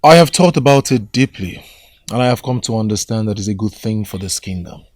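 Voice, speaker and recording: Composed young prince, Nigerian, dry sound. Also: male voice, fairly low pitch, animated, a little fast, dry recording. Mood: earnest. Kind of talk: film drama acting.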